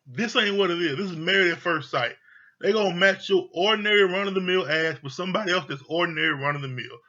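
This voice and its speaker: A man's voice: sits high, quick pace, bright, forceful tone, highs cut off. A man giving a casual, profanity-laced review of a TV show, blunt, exasperated and mocking.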